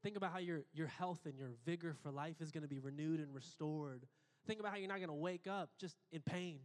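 A man preaching a sermon, emphatic, repeating phrases and building to excited peaks. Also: a little high, a little fast. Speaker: pastor. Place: church auditorium. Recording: long hall reverb.

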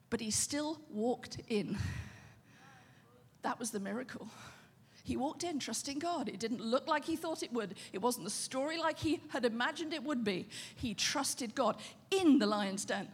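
A woman pastor preaching a sermon in a conversational, animated way, often asking the audience questions. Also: on the high side, a little slow, husky, in a large hall.

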